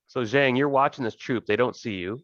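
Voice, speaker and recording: A man narrating as game master of an online tabletop game, relaxed and rambling with many fillers. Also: medium pitch, no echo, muffled recording.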